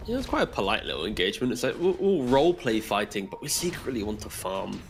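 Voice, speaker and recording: A man who is a former coach, giving relaxed color commentary in an easygoing, chatty way and laughing along. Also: lowish voice, quick pace, soft background music. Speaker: esports co-caster, former coach.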